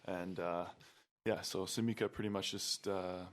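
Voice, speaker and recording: A man's voice: low-pitched, fairly even intonation, normal speed. A young man chatting casually as a podcast guest, loose and hesitant, with many fillers and restarts. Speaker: guest, pro volleyball player.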